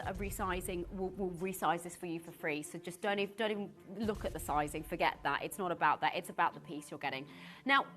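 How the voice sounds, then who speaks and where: A woman presenting live on a shopping channel, gushing and excitable, often restarting her sentences. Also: mid-range voice. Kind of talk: live TV sales pitch.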